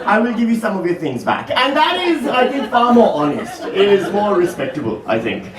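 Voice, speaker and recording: A man, performing a stand-up comedy set with quick shifts into acted-out quotes. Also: sits high, very animated. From Pakistan. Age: 40s. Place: museum hall, live audience. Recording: roomy live hall, mic heard from a distance, loud crowd laughter.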